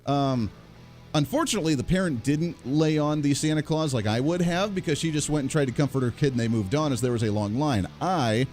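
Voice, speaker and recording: A man's voice: a little high, a little fast, darkish tone, faint music behind. A man hosting a conservative radio talk show, giving sarcastic, indignant commentary.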